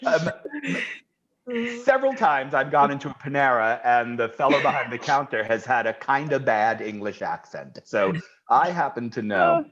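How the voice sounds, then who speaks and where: A man's voice: mid-range voice, lively intonation, normal speed, a bit bright, dull audio. A man co-hosting an online show, chatting playfully and leading the audience. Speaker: show co-host. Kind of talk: casual chat and audience hosting.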